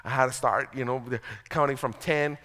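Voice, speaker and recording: A man's voice: medium pitch, fairly even intonation, normal speed, bright, forceful tone. A man preaching a sermon as pastor, conversational and self-deprecating, often repeating words as he starts a sentence. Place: church sanctuary. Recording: long reverb of a church hall.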